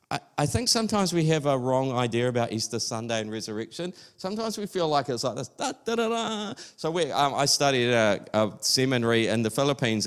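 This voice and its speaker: A man's voice: mid-range voice, clear, resonant tone. A man preaching an Easter sermon in a church service, talking in a loose, conversational way with many fillers and restarts. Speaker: pastor.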